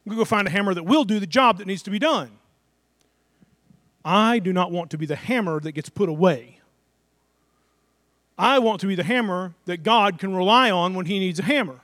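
High-voiced man preaching a conversational sermon. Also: fairly quick, pauses often, a bit bright, no echo, clean studio sound. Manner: conversational preaching with acted-out asides and rhetorical questions. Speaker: pastor.

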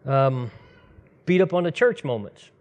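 A man delivers a sermon in a relaxed, conversational style. His voice sits at an ordinary middle pitch, and he slips into quick bursts as he tells a story. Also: highs cut off. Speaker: pastor.

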